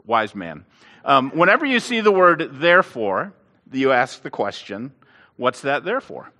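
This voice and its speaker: Preacher, lively sermon storyteller, swooping intonation, bright tone. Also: male voice, mid-range voice. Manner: animated storytelling with restarts. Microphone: clip-on lapel mic. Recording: long hall reverb.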